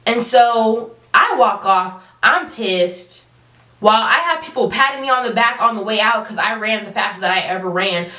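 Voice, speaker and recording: A young adult woman telling a storytime vlog, animated and emphatic, with casual slang. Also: a little high, moderate pace, slight background noise. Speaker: vlogger. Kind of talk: storytime monologue. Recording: roomy, from a distance.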